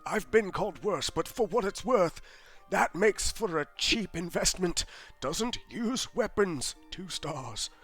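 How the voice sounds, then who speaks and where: Man doing a fussy dismissive bookkeeper, drawn-out delivery, swooping pitch, faint music behind. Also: lively intonation, a bit bright, heavily acted. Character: snooty male bookkeeper to an island emperor.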